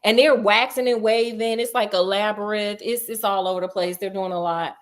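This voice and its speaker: In a medium-pitched voice and at a fairly quick pace, a woman retells a novel as a sassy, chatty storyteller host. She talks directly to listeners as "girl" and "honey," animatedly playing out the characters.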